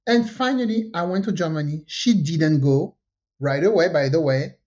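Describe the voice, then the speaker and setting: A French woman co-hosting a podcast tells a story in a casual chat at a moderate pace. She's animated, full of fillers, and jumps in pitch whenever she quotes someone. The podcast audio is dull and lo-fi.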